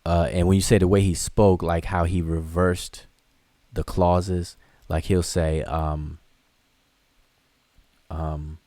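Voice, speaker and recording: A man's voice: sits low, level tone, slow pace, pauses often, mellow, no room sound. A man teaching a live online class, explaining loosely and conversationally with frequent restarts and fillers as he answers viewer questions. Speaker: hieroglyphics teacher.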